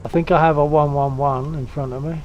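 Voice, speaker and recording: Joking man with a higher voice. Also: fairly even intonation, a little fast, muffled recording, a little hiss or hum. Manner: joking, sardonic banter. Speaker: flight-sim teammate. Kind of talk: casual gaming chat.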